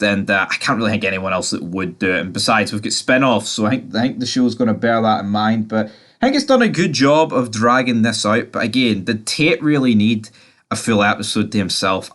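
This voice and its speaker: A man's voice: lowish voice, animated, moderate pace, a bit bright. Chatty man recapping TV. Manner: chatty, swearing, filler-heavy storytelling. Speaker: TV series reviewer. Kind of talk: casual episode recap and review.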